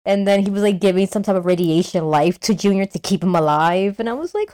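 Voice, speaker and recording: A woman in casual chat, animated and joking, acting out monster scenes in high voices. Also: fast talker, few pauses, no room sound.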